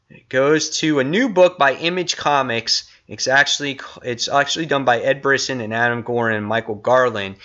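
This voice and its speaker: A man hosting a casual comic review vlog, excitable and rambling. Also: mid-range voice, highs cut off.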